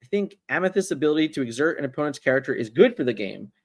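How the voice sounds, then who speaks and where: A man's voice: on the high side, racing. Rambling male livestream host. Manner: rambling, repeats words, animated. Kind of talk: casual livestream chat.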